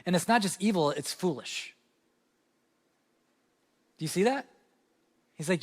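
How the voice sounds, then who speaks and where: A man preaching a sermon as pastor, with a Midwestern American accent, animated in his emphasis and dropping into low asides. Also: a little slow, pauses often. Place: church sanctuary. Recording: long hall reverb.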